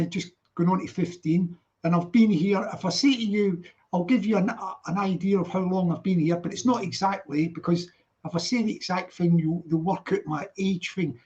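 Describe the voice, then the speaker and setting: A man's voice: sits high, moderate pace, darkish tone, slightly rough. A man in his sixties from Scotland with a Glaswegian accent, hosting a casual online chat and rambling as he repeats himself. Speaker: host. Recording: muffled lo-fi online call audio.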